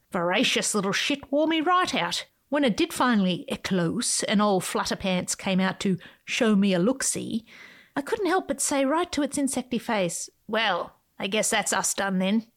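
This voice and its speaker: A woman hosting her own podcast, reading a playful, whimsical script with sudden swoops in pitch. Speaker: podcast host.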